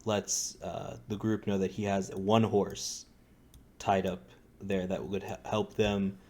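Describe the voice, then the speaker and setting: Man, game master, low voice, explaining, corrective recap. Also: level tone, takes it slowly, a little mellow. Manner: correcting and explaining, adds context.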